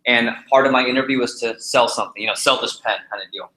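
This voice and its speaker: A man teaching a live sales training session, animated and jokey, repeating his key points to the group. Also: medium pitch, fast talker, roomy sound, slight background noise, low-quality recording. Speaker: sales trainer leading a workshop.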